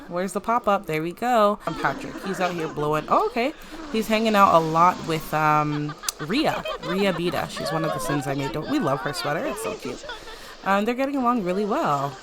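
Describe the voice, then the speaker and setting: A woman's voice: fairly low pitch, very animated, crowd noise. Giggly woman chatting over gameplay. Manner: chatty, giggly, narrates characters' lines in quick playful voices. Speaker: gameplay commentator. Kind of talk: casual let's-play commentary.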